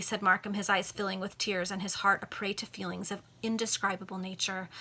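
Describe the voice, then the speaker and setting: A woman reading an old novel aloud to friends over a video call, expressive and amused. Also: mid-range voice, fast, few pauses. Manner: amused, expressive storytelling with playful asides. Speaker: amateur reader.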